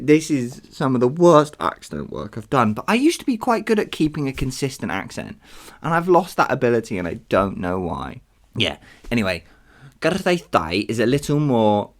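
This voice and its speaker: A podcast host talking casually on their own, chatty and self-deprecating, with frequent asides. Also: deep voice. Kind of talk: casual solo podcast commentary.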